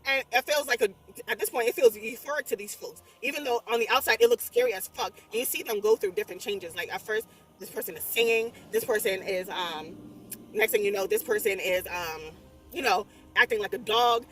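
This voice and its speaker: A young adult woman recapping a horror movie in a casual, rambling way, animated and swearing constantly as she exclaims through the story. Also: medium pitch, fairly quick, recorded from a distance. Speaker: movie reviewer. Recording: voice a bit off-mic, faint music behind.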